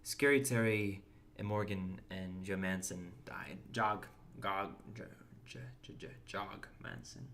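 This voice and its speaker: A man's voice: sits low, fairly even intonation, slow, hardly any pauses, fairly bright tone, slight background noise. A young man chatting casually while streaming a game, reading and answering chat and often restarting his words. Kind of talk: casual gameplay commentary.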